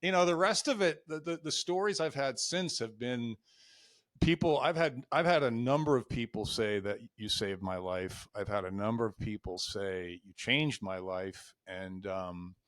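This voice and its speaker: A man's voice: mid-range voice, moderate pace, a bit bright, dry recording, studio quality. A man in his fifties, a coach being interviewed, telling candid and emotional stories and acting out old conversations. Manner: candid, emotional, acts out quoted dialogue. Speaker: life and executive coach, guest. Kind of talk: podcast interview, storytelling.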